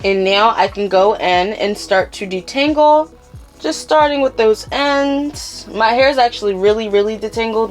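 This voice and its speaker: A young woman with a Philadelphia accent giving a casual step-by-step hair tutorial, chatting to viewers as y'all. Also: mid-range voice. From Philadelphia, USA.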